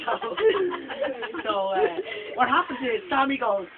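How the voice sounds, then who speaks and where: A man's voice: extremely high pitch, unhurried. A young man telling a rambling, crude joking story among friends in a shed, often laughing. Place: home shed. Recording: muffled lo-fi, heavy hiss.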